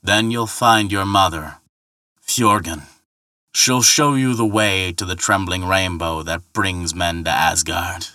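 A man's voice: deep voice, slow, sharp tone, dry recording, studio quality, heavily acted. A man voicing a sly, mocking, one-eyed old ferryman who taunts. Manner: jeering, taunting.

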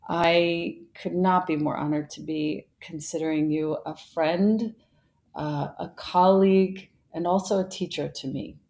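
A woman hosting a podcast, speaking in a soft, unhurried way through her ad read and her introduction. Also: fairly low pitch, fairly even intonation. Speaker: podcast host.

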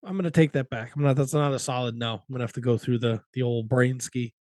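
A man's voice: mid-range voice, fairly even intonation, quick pace, darkish tone, no echo, clean studio sound. A man co-hosting a podcast in casual wrestling chat, teasing and swearing freely. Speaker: podcast co-host.

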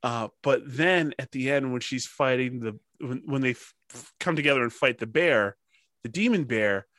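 A man hosting a casual chat. He is animated, laughs often and swears freely. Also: mid-range voice, normal speed, dry recording. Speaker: podcast host.

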